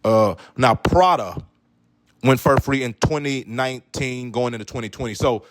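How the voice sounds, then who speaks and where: A man's voice: mid-range voice, moderate pace. Comedian guy reacting to news, loose and jokey, lots of asides. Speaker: comedian, video host. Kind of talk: casual reaction commentary.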